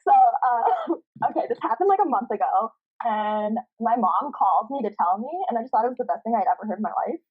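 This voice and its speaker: A high, lively woman tells a story, her voice bouncing up and down as she giggles and swears her way through it. She sounds breathy and husky. The audio comes through a thin, tinny video-call line. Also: a little fast, hardly any pauses. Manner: giggly, animated, swears freely. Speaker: guest storyteller. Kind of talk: casual anecdote telling.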